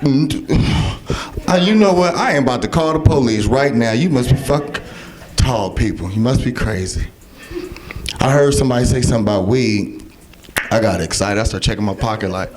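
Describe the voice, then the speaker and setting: A young man performing a loud, profane stand-up set with crowd work on a club stage. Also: medium pitch, lively intonation, moderate pace. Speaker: stand-up comedian. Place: comedy club stage with audience. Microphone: handheld stage mic. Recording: live club, audience laughing. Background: audience laughter.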